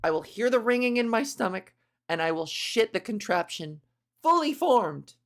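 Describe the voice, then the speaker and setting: A woman podcast host doing a comedic monologue, crude and animated, acting out little scenes. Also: on the high side, moderate pace. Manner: animated, crude, acts out voices.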